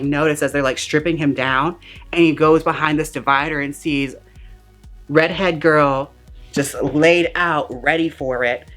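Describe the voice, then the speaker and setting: A woman's voice: low voice, a bit bright. A woman giving a campy, comedic movie recap in a sassy, slang-filled way, acting out the characters' lines as she goes. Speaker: movie reviewer.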